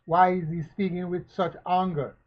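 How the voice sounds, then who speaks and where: A man giving spoken commentary, asking questions again and again and preaching in a slow, emphatic way. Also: high voice, steady tone. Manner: rhetorical, repetitive questioning. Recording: dull lo-fi recording.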